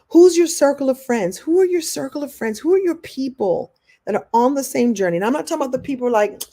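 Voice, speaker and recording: Female coach for a live online class, warm mellow tone, animated, slips into quoted voices. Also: on the high side, brisk. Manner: reads and answers viewer comments. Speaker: motivational coach.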